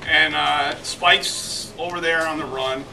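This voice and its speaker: A middle-aged man telling a comic anecdote at a reunion, laughing as he goes and breaking into loud outbursts. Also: a little high, steady tone, slow pace, gravelly, noisy background. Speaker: storyteller at a reunion. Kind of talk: animated anecdote told to a crowd. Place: crowded reunion gathering. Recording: distant camera audio in loud crowd.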